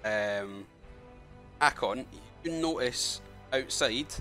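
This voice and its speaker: Faint music plays behind a man running a tabletop game, his medium-pitched voice sharp in tone and lively in intonation yet extremely slow. As game master he narrates in a rambling way, leaning heavily on "kinda" and "like."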